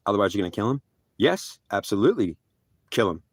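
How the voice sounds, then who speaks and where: A man voicing a wrathful male God who scolds and threatens in a low, commanding tone. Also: sing-song, fast talker, husky, dry recording, clean studio sound, full character voice. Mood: threatening.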